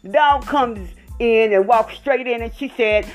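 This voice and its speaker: A woman telling a rambling, animated storytime rant with lots of fillers. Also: a little high, a little slow, dull audio, soft background music.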